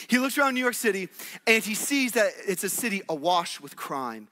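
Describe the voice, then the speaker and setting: High-voiced, bright-toned energetic male pastor. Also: moderate pace. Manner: energetic, conversational, call-and-response with the congregation; exclamations and laughs mid-sermon. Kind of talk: sermon.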